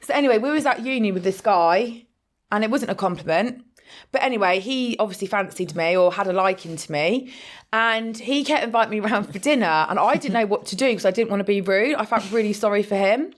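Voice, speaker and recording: A woman's voice: medium pitch, brisk. A woman co-hosting a podcast, telling stories in a casual chat, swearing freely and acting out quotes. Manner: storytelling, swears freely, lively acted-out quotes. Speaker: podcast co-host.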